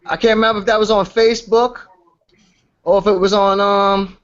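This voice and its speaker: A man's voice: high-pitched, level tone, normal speed, a bit bright. A man hosting a casual livestream, hurriedly digging through old comments to show others, over lo-fi audio.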